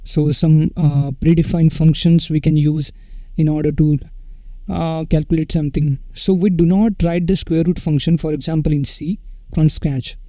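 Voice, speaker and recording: A man teaching a coding tutorial in an unscripted, casual way, pausing with fillers and checking in with "okay" as he goes. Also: a little high, fairly even intonation, warm tone, no echo, low-quality recording. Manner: unscripted, many fillers and self-corrections, says "okay" often.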